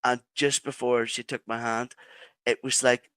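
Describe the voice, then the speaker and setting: A man with an Irish accent, a podcast guest telling a personal story in halting phrases with many restarts. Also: mid-range voice, level tone, a bit bright, clean tone, no room sound. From Ireland.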